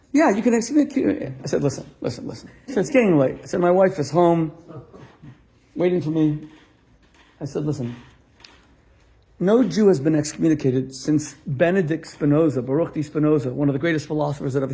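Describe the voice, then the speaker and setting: With a high-pitched, slightly mellow voice edged by vocal fry, a middle-aged rabbi delivers a storytelling sermon to a live crowd. He plays both parties in a conversation and lands his punchlines.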